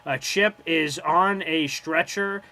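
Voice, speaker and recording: A man's voice: on the high side, slow. A man co-hosting a live sports watch party, talking casually and jokingly, often swearing and acting out players' voices. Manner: animated, jokey, swearing, acts out players' voices. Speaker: co-host doing live play-by-play.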